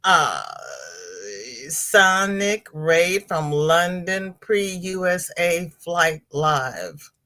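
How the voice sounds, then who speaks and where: Slow-talking woman hosting a livestream. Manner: greets chat viewers by name with sing-song hellos; chatty and animated, with sudden high exclamations. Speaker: livestream host. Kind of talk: casual livestream chat.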